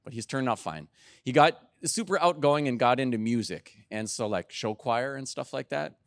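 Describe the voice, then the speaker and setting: A man's voice: medium pitch, normal speed, dry recording. Middle-aged man telling family stories. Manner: lively, warm anecdotes, acting out quotes. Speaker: keynote speaker. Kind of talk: storytelling talk.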